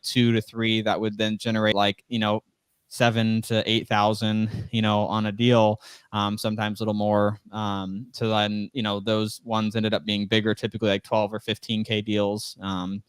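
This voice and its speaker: Young male guest, smooth clear voice, dry close sound, rambling storyteller who acts out quotes. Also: lowish voice, monotone, normal speed, dry recording. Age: 20s. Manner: rambling, heavy use of "like" and "you know"; acts out quoted dialogue in a raised voice. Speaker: interview guest, real estate investor. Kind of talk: casual storytelling interview.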